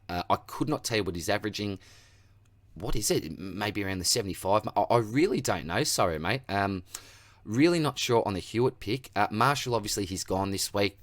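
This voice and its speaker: An Australian man hosting a casual Q&A that answers viewer comments, with a relaxed, matey manner, calling everyone mate and buddy. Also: lowish voice, no echo. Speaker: fantasy football channel host.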